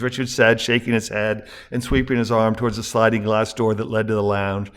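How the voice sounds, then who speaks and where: Older male storyteller, steady plain narration, mid-pitched. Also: fairly quick, few pauses. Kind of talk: reading his own story aloud.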